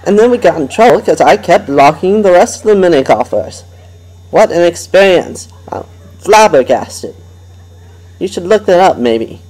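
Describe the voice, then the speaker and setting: A man's voice: sits high, animated, moderate pace, a little mellow, poor audio. A man hosting a homemade comedy radio show, rambling and goofy and laughing at his own jokes. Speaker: host.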